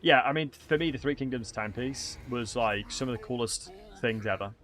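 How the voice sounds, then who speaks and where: Chatting with viewers while streaming a strategy game, this man from England gives loose, casual gameplay commentary packed with fillers and false starts. His voice sits in the mid-range, fairly bright, at a fairly quick pace.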